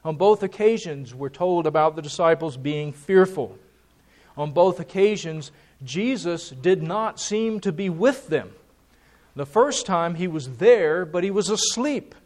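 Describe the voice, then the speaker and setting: A man's voice: a little high, animated, measured pace, a little mellow. A man preaching a sermon, emphatic and repeating key words for stress.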